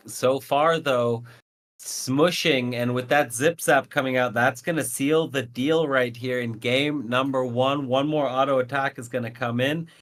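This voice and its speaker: A man's voice: medium pitch, a bit bright. A tired young man co-casting a live esports match, dry and teasing, breaking down the plays. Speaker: esports co-caster.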